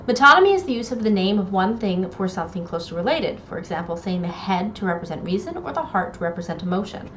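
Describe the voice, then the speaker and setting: A woman English instructor giving a recorded lecture, explaining terms clearly and reading poems aloud. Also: mid-range voice. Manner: clear explanatory delivery with quoted poem readings. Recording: dull lo-fi audio, faint noise.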